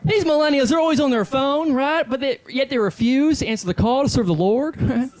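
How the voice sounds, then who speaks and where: A man playing a brash, loud middle-aged hack comedian who pumps up the crowd with cheesy punchlines, live on stage before a laughing audience. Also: very high-pitched, fairly quick, voice pushed up.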